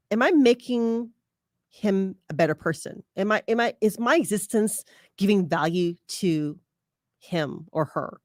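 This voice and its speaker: A woman talks through an advice podcast in a casual, chatty way, often laughing and stopping for fillers. Her voice sits at an ordinary middle pitch. It is recorded close and dry, with no room sound. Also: darkish tone, dry recording. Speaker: podcast host.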